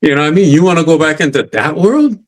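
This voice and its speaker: A man's voice: fairly high pitch, expressive, fast talker. A man in a casual podcast conversation, talking emphatically and often checking in with "you know what I mean?".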